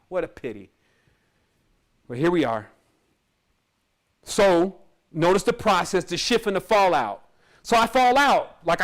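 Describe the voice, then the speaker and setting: A man with a notably high voice tells a personal story about his spiritual path. He speaks casually and wanders between thoughts, often breaking into a laugh. As a spiritual teacher, he addresses his followers directly. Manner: casual, rambling, with frequent laughs.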